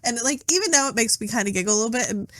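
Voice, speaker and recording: A middle-aged woman talks casually on a podcast, her high voice swooping widely as she acts out every quote. The sound is close and dry, with no room around it. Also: rapid-fire, no echo. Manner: animated storytelling, acts out quotes, laughs often. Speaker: guest reviewer.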